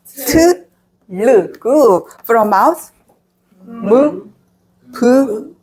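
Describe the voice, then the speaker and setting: A woman with a Korean accent leads a pronunciation lesson at a very unhurried pace. She drills each syllable again and again so learners can repeat it after her. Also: fairly high pitch, expressive, mellow. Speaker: Korean language teacher. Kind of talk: slow, patient pronunciation lesson.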